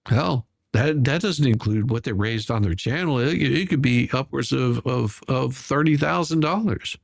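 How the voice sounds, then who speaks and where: A man's voice: mid-range voice, normal speed, creaky, no echo, clean studio sound. A man hosting casual drama commentary, sarcastic and rambling, with many restarts. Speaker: commentary channel host.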